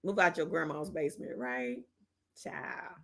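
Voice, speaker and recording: Sassy woman with a gravelly, bright voice. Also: fairly low pitch, moderate pace. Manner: sassy and blunt, slangy talk with "child", "honey", "okay?". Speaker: host of a live political talk stream. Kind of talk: casual livestream commentary, reading and answering viewer chat.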